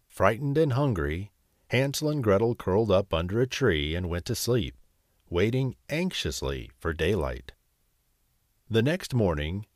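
Male bedtime storyteller, unhurried, highly melodic delivery, dry close recording. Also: dry recording. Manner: slow and expressive.

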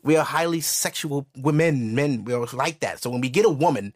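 A man hosting a podcast, ranting in casual comedic style, animated and profane. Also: medium pitch, fairly quick. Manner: animated, profane storytelling with voiced asides. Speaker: podcast host.

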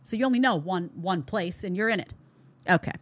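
A woman's voice: on the low side, expressive, fairly quick. A woman hosting a show, giving opinionated commentary in an emphatic way, with many repeated words and rhetorical questions. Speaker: show host reacting to clips.

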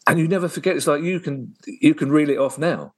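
A man's voice: a little high, brisk. An English man hosting a podcast interview over a video call, chatty and teasing, laughing often. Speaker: podcast host. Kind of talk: casual interview chat.

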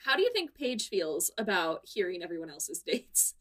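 A woman co-hosting a podcast retells the episode in a casual recap chat, giggling often and telling the story with animation. Her voice is fairly low and moves at a normal speed.

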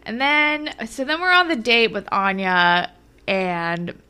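Young woman co-host, bright and a touch high-pitched, animated, laughing recap chat. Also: takes it slowly, clean tone. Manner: animated, laughing, acts out quoted lines in a higher voice. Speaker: podcast co-host. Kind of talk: casual chat recapping a TV episode.

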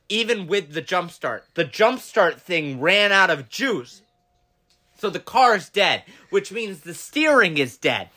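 Man, casual chat, high voice, bright tone, animated storytelling, laughs a lot.

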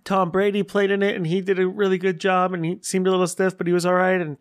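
A man hosting a solo podcast, chatting in an animated, rambling way and gushing as he tells stories. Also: high voice, quick pace. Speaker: podcast host. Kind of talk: casual solo podcast update.

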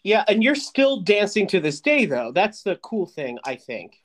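A man's voice: sits high, very animated, measured pace. A man hosting a podcast in casual chat, playful and teasing with camp asides. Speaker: podcast host.

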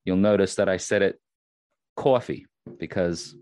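A man's voice: deep voice, measured pace, a little mellow, no room sound, studio quality. A man from Long Island with a Long Island accent, hosting a casual solo podcast and rambling with many restarts and fillers. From Long Island, New York. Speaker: podcast host.

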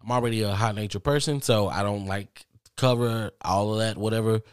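A man vlogging, telling a story casually to his viewers with lots of cursing and animated asides. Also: on the low side, a little fast, clear, resonant tone, no room sound, clean studio sound. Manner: profane, animated, talks straight to viewers.

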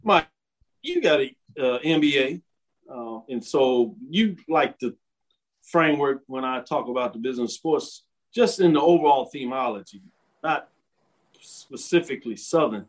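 A man hosting a sports radio show and podcast from a home studio, chatty and upbeat with quick asides. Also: medium pitch, expressive, low-quality recording. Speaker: host. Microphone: home studio mic.

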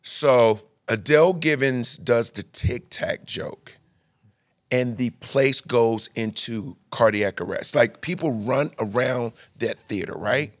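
A man hosting a podcast, telling stories in a casual, animated, slangy way. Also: mid-range voice, takes it slowly, dry recording, studio quality. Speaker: podcast host. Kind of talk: casual storytelling chat.

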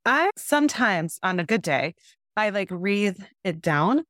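Young mother on a call, mid-pitched, candid and rambling, dry sound. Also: big pitch swings, a little slow, a bit bright, dry recording. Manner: candid, rambling, acts out her kids' lines. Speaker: caller, mother of two young kids. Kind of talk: casual coaching conversation.

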